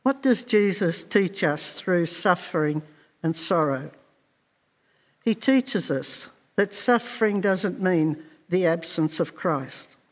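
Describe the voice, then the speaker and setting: A man preaching a sermon in a slow, earnest and reflective way, with measured pauses. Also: sits high, expressive, long reverb tail.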